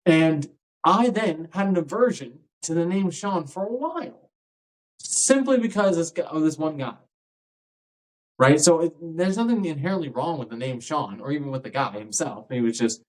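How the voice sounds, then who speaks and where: A man's voice: a little high, normal speed, low-quality recording. Chatty man explaining how he teaches. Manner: conversational, keeps checking in with "right?"; acts out quoted people in lively voices. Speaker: dance instructor. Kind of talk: casual podcast monologue.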